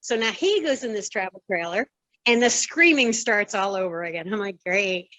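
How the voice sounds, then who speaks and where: An older woman in her sixties recounts her past as a guest in an interview. Her voice sits at an ordinary pitch, and she brings her story to life by acting out what each person said. The recording is dry and close, with no room sound. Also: normal speed, no echo, rough recording. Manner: lively storyteller who acts out quoted dialogue. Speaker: former wrestling referee, interview guest. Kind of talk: conversational storytelling.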